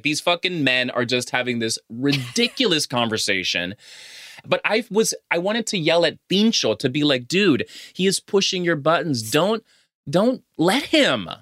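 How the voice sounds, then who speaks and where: A man's voice: medium pitch, no echo, clean studio sound. A man co-hosting a casual film podcast, recapping scenes with lots of swearing and acted-out dialogue. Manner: animated, swears often, acts out scenes from the film. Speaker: podcast co-host.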